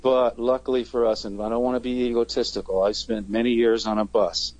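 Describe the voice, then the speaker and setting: A man's voice: medium pitch, flat delivery, a little fast, a little mellow, dry recording, dull audio. A man, a touring band's singer, chatting casually in an interview and rambling with many fillers and restarts. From Canada.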